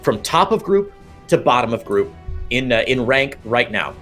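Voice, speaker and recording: A man's voice: medium pitch, very animated, normal speed, fairly bright tone, faint music behind. A man giving chatty, playful play-by-play commentary on a strategy game match, with frequent restarts. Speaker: esports caster.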